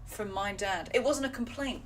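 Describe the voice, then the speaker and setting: A woman co-hosting a casual live stream, joking and self-deprecating with quick interjections. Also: mid-range voice, recorded from a distance. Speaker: co-host of drum lesson channel.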